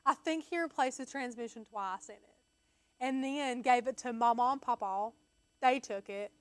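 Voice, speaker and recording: A young woman with a high, bright voice rambles through stories in a casual chat, acting out what others said and laughing as she goes. The sound is dry and close, with no room behind her. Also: moderate pace, no echo. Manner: chatty storyteller, acts out quotes, laughs often. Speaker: co-host.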